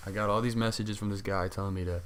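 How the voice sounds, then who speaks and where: A man's voice: fairly low pitch, fast talker. Heated young man telling a story. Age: young adult. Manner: animated storytelling, heavy cussing, acts out others' lines. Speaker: podcast co-host. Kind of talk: casual chat.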